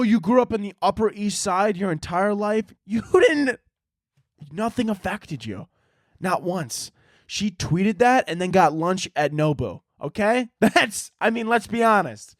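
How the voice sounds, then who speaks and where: A man's voice: high voice, no echo, studio quality. A young man hosting a solo comedy podcast, ranting with lots of swearing. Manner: profane, animated ranting with mocking impressions. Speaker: podcast host.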